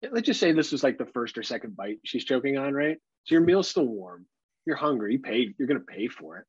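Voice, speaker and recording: A man's voice: medium pitch, sing-song, brisk, slightly rough, no echo. A man co-hosting a podcast in casual chat, riffing with sarcastic jokes and casual swearing. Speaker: podcast co-host. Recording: dull dry sound.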